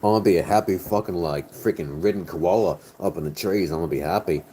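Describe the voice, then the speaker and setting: A man's voice: sits low, fast, mellow, a little hiss or hum. A tipsy man chatting casually on a stream, rambling, joking and swearing, his words slightly slurred. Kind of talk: casual chat.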